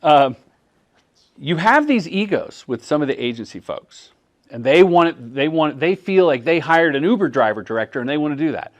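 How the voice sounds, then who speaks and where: Middle-aged male workshop presenter, lively pitch, acts out dialogue. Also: normal speed. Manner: animated, acts out quoted dialogue in voices. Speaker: workshop presenter, commercial director. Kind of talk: workshop talk answering audience questions. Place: workshop room at a film festival.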